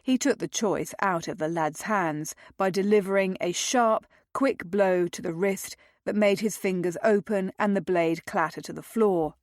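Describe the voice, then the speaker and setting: A woman narrating a romance novel aloud in a measured, dramatic reading. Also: mid-range voice, no room sound, clean studio sound. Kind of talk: audiobook narration.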